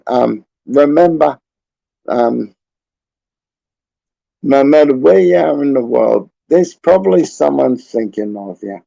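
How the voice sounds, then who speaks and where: A man's voice: mid-range voice, expressive, slow, creaky, long pauses, mellow, no room sound, highs cut off. An Australian man in his forties, rambling casually and chuckling often as he hosts his livestream. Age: 40s. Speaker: livestream host.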